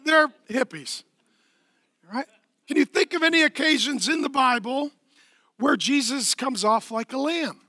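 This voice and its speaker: A middle-aged man preaching a lively, playful sermon in a church, swinging from hushed tones to shouting. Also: extremely high pitch, unhurried, long pauses, no echo, studio quality. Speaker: pastor. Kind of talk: energetic comedic sermon.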